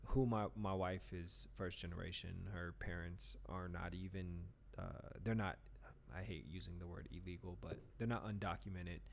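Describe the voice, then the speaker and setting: A man's voice: deep voice, fairly even intonation, normal speed, creaky, few pauses, a little hiss or hum. A man in casual podcast talk, rambling with lots of restarts and fillers. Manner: burps mid-talk. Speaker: podcast co-host. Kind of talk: casual chat.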